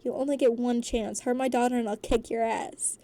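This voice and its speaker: Woman voicing a loud overprotective dad. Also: fairly high pitch, fairly even intonation, brisk, close to an everyday voice. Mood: indignant. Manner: loud, whiny outbursts. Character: overprotective excitable dad, middle-aged man.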